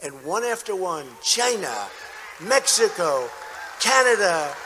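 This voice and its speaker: Speaking slowly in a high, very animated voice, a male candidate works a rally crowd with boastful, repetitive lines and mocking asides. The sound is echoey, coming from a large indoor arena where the audience cheers loudly.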